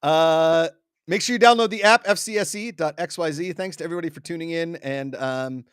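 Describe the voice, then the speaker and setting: Chatty man, slightly high, dry sound. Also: fairly quick, a bit bright, clear, resonant tone, no echo. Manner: rambling, chatty storyteller. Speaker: co-host. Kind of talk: casual sports chat.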